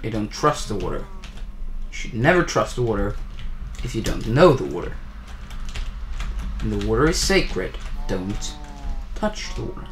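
A man playing a game with a friend and chatting casually, loud and swearing, shouting now and then. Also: fairly low pitch, sing-song, moderate pace, long pauses. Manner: loud, cursing, shouts in bursts. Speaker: gamer. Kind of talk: casual gaming chat. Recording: roomy amateur voice chat with faint noise.

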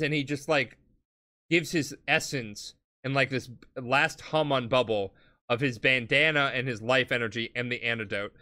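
A drunk podcast host retelling a story in an animated, comedic way, laughing, swearing and acting out characters. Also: medium pitch.

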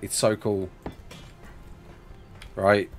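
A man's voice: on the low side, level tone, extremely slow, faint music behind. A young man, from England, streaming a game live, chatting, joking and laughing while reading chat aloud.

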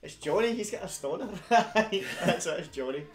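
Young Scottish co-host, loud and laddish, lively pitch, roomy echo. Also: male voice, moderate pace. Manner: laddish, sweary, laughs a lot. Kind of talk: casual chat. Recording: echoey room with music behind.

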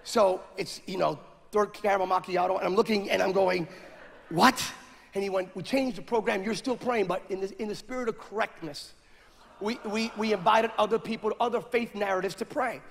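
A man preaching a story-driven sermon, animated and rising at times to shouts. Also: high voice, normal speed, vocal fry. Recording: echoey hall with faint noise.

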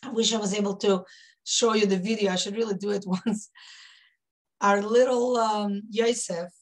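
A woman's voice: medium pitch, steady tone, moderate pace. A woman in her fifties from Israel, a rebbetzin telling stories to a women's group, reminiscing with many fillers and restarts. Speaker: rebbetzin leading a women's class. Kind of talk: warm storytelling talk to a women's group.

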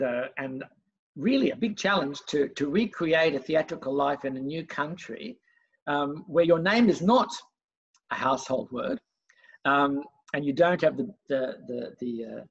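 A man's voice: mid-range voice, slightly rough, lo-fi sound. A man hosting an interview, asking long rambling questions with frequent hesitations. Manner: hesitant, many fillers and restarts. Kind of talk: conversational interview.

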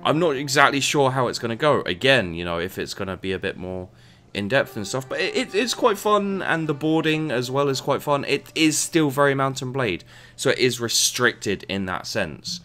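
A man's voice: mid-range voice, very animated, normal speed, few pauses, bright, forceful tone, soft background music. A man giving casual commentary while playing and reviewing a game, rambling and often tripping over and repeating his words. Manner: rambling, stumbles and repeats words, mutters asides.

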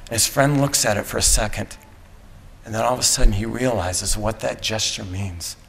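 A man giving a graduation speech, telling a dramatic story with slow, deliberate pauses. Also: on the low side, creaky, a bit bright, slight background noise. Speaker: commencement speaker. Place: school graduation ceremony. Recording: echoey hall from a PA.

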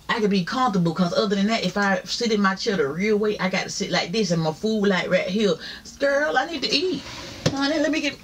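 With slight background noise behind her medium-pitched voice, a woman films a mukbang from a chair at home. She eats while making casual conversation straight to her audience, peppered with religious exclamations.

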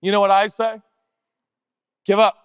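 Animated preacher man in a big hall. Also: high voice, smooth, studio quality. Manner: animated preacher, rapid rhetorical questions, conversational asides. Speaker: pastor. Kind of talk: sermon.

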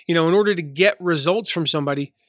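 Southern guy rambling thru a podcast, slightly high voice, super dry close sound, lots of "you know". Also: quick pace, fairly bright tone, dry recording. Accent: light Southern US. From American South. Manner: chatty, many fillers and restarts. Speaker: podcast host. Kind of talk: casual solo podcast teaching.

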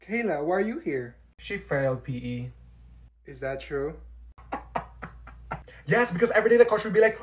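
A woman performing a comedy sketch with a sassy, sarcastic edge. Her voice sits at a middle pitch for a woman, and the phone recording has her a little away from the mic. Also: normal speed. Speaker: TikTok creator. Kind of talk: comedy sketch role-play.

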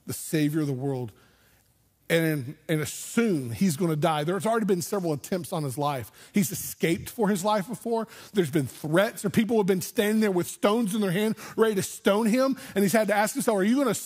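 A man's voice: fairly high pitch, a little mellow, breathy edge. A man preaching a sermon in church as pastor, telling the story with animation and acting out imagined voices. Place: church sanctuary.

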